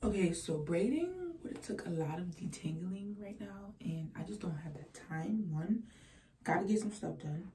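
A woman's voice: on the low side, normal speed, warm tone, a little hiss or hum. A teenage girl vlogging casually at home, chatty and self-mocking, often dropping to a whisper. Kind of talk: casual vlog chat.

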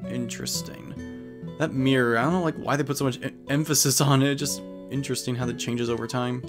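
A let's play commentator with a mid-range male voice talks a little fast, chatting casually about his gameplay choices and reading the game's dialogue aloud with flat asides. Guitar music plays in the background.

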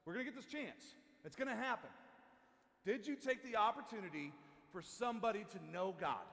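A man preaching a sermon as pastor in a church, talking casually and haltingly with many restarts and asides. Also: high voice, animated, a bit bright, in a large hall. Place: church sanctuary.

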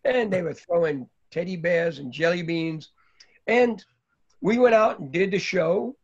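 A man's voice: high-pitched, measured pace. An older man from New York telling a long, rambling story about his early days, with many fillers along the way. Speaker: guest speaker. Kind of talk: anecdotal storytelling. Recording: dull lo-fi recording.

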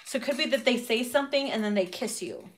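A woman reads tarot cards in a loose, chatty way, swearing freely and breaking into laughter. Her voice sits a little high, and she slips into playful acted-out quotes. A faint hiss runs under the recording. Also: quick pace. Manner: profane, laughing often, acts out quotes. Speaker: tarot reader. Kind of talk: casual tarot reading to camera.

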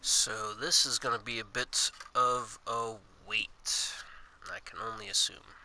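A man's voice: mid-range voice, moderate pace, pushed and bright, slight background noise. A young man casually commenting while he plays a video game, swearing often and joking to himself. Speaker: gaming channel host. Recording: game music playing behind.

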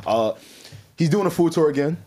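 Fast, animated man chatting on a podcast. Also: on the high side. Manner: animated, quick-talking, laughs easily. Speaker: podcast co-host. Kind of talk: casual podcast chat.

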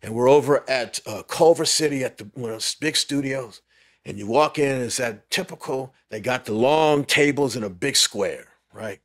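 A man telling a lively story as a podcast guest, laughing often and acting out what others said. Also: medium pitch, normal speed. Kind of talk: storytelling interview.

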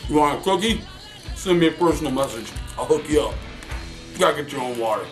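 A man's voice: fairly high pitch, lively intonation, fast talker, music in the background. A goofy, playful middle-aged man chatting casually in a home vlog, sometimes talking with his mouth full, from his computer room at home. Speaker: vlogger.

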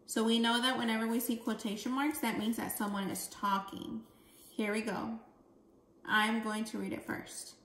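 A woman teaching a second grade phonics lesson, speaking slowly and clearly as she models reading aloud. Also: on the high side, reverberant. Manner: slow, clear, deliberate reading with expressive dialogue voices.

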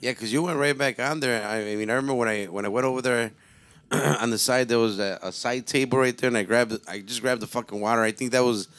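Man, podcast host, casual chat, quick interjections. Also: medium pitch, fairly bright tone. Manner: chiming in with short remarks.

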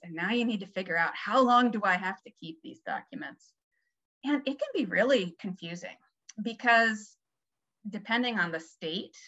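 A woman's voice: mid-range voice, sharp tone, highs cut off. A woman presenting a small business seminar over a video call, talking in a conversational way with many fillers. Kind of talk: webinar lecture.

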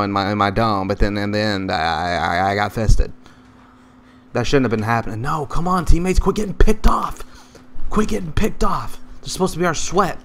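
A man giving loose, rambling live commentary over his own multiplayer match, excitable and full of profane, jokey trash talk. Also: mid-range voice, slight background noise. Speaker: gaming commentator.

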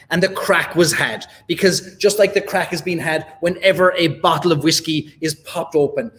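An Irish man delivering a rousing, theatrical prepared speech as part of a live whiskey debate. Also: fairly high pitch. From Ireland. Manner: oratorical, rhetorical, theatrical.

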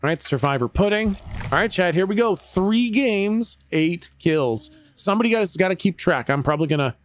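A man's voice: high-pitched, animated, normal speed, slight background noise. A Canadian man casually chatting with his viewers while streaming a game, laid-back and chatty, with frequent laughs and some swearing.

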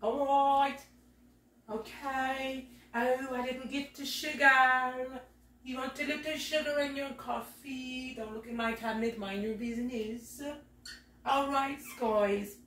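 A woman putting on the voice of a genteel tea-time hostess lady, drawing out her words in a slow sing-song, in a home kitchen. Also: sits high, steady tone, fairly bright tone, slight background noise, pitched above the performer's own voice. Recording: echoey room, voice from a distance.

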